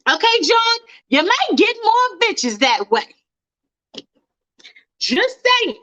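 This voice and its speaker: A woman's voice: very high-pitched, big pitch swings, slow pace, long pauses, bright, forceful tone, no room sound, lo-fi sound. A woman hosting a fan livestream, ranting bluntly and with lots of swearing while talking to her chat. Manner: blunt, profane, fired-up, talks to chat. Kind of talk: casual livestream rant.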